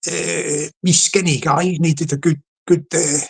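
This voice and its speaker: A man with a London accent hosting a late-night solo live stream, telling a humorous hypothetical story in a rambling, halting way, full of restarts and greetings to the chat. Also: on the high side, steady tone, vocal fry, breathy edge.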